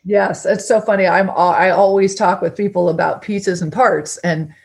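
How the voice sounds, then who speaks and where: A woman's voice: on the low side, steady tone, moderate pace, vocal fry. Enthusiastic woman podcast host. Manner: engaged, questioning, enthusiastic. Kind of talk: casual interview chat.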